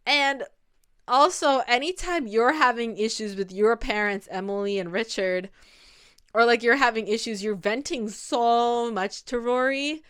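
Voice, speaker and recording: A woman's voice: fairly high pitch, a little slow, a bit bright, clear, resonant tone. A young woman in casual commentary, chatting loosely with many "like" fillers and restarts. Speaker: video essay host.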